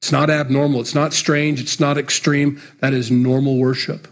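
A man's voice: mid-range voice, little pitch movement, normal speed. A man preaching a sermon in an earnest, emphatic, conversational way. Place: church.

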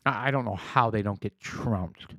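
A man co-hosting a casual political chat in a blunt, animated way, swearing often. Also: on the low side, moderate pace, no echo. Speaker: podcast co-host.

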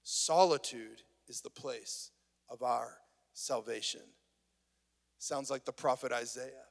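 A man's voice: medium pitch, slow, gravelly. A man, a pastor, preaching a conversational and earnest sermon. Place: worship venue. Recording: long reverb of a church hall.

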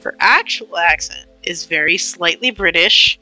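A woman's voice: on the low side, expressive, unhurried, sharp tone, faint music behind, rough recording. A woman who plays in the game, chatting casually and bluntly about it, swearing freely. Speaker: player. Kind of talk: casual podcast chat.

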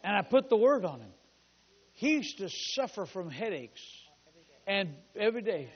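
A man preaching a sermon as pastor, fervent, with shouted declarations and call-and-response. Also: high-pitched, big pitch swings, normal speed, slightly rough. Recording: long hall reverb, dull lo-fi sound.

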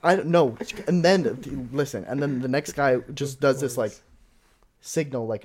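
Young man telling an animated story. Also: mid-range voice, a little fast. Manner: animated storyteller, heavy "like" filler, acts out quotes. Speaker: podcast co-host. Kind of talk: casual storytelling chat.

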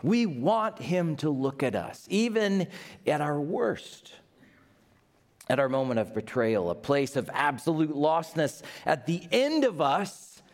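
A male pastor delivers an Easter sermon slowly and deliberately. His pitch swings widely as he builds emphatic, rising peaks. The delivery is dramatic and earnest.

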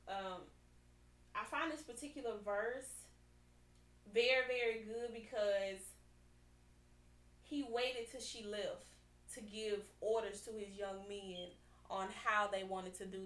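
A woman podcast host with a high voice in a roomy, echoing space. She talks in an animated, chatty way, repeats herself for emphasis and keeps checking in with her listeners while she reads and discusses scripture. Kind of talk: casual chat with scripture reading.

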